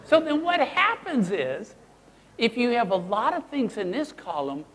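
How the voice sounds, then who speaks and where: A man presenting a live workshop, playful and animated, quizzing the audience as he teaches. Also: very high voice, a little slow, long reverb tail. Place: seminar room with an audience.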